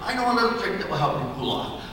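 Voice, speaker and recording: A man working as a stage hypnotist, giving slow, commanding suggestions to volunteers on stage. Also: high voice, big pitch swings, fairly bright tone, recorded from a distance. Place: high school auditorium on stage. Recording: echoey auditorium taped from afar. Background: audience laughter and chatter.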